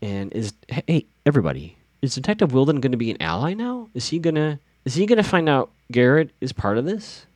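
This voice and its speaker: A young man talks through a TV episode in a loose, opinionated recap, restarting his sentences as his thoughts run ahead. His voice sits at an everyday middle pitch. The recording is dry and close, with almost no room sound. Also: big pitch swings, brisk, hardly any pauses, darkish tone, no room sound. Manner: chatty, opinionated, frequent restarts. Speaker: TV recap podcaster.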